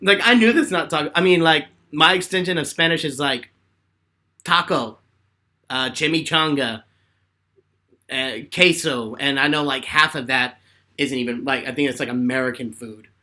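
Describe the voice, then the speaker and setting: Animated bright-voiced young man. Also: fairly high pitch, normal speed. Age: 20s. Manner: animated storyteller, laughs often. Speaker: host answering fan questions. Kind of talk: live question-and-answer chat.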